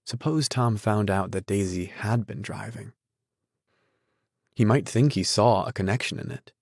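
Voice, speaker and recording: A man narrating a novel in a measured, even storytelling manner. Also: on the low side, vocal fry, husky, no echo, studio quality. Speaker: audiobook narrator. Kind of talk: scripted literary narration.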